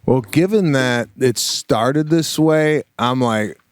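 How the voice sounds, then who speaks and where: A man's voice: medium pitch, slow, smooth, dry recording. Dry-sounding male co-host telling stories. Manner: animated storytelling, swearing, mock-exasperated. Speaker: podcast co-host. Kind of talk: casual comedic chat.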